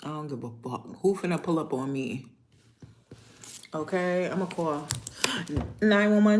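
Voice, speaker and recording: A woman from Niagara Falls with a New York accent, hosting a casual livestream chat and talking to viewers in loud, playful street slang, swearing freely. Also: low-pitched, moderate pace. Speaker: livestream host.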